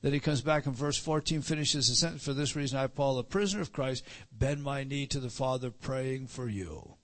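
A man's voice: medium pitch, moderate pace, a bit bright. A man preaching a Bible teaching sermon, with frequent restarts and repeated words, rising for emphasis on key phrases.

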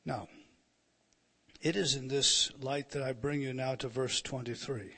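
A man's voice: medium pitch, steady tone, a little slow, pushed and bright, husky. A man preaching an expository sermon, reading verses aloud and explaining them with emphatic rises and frequent restarts.

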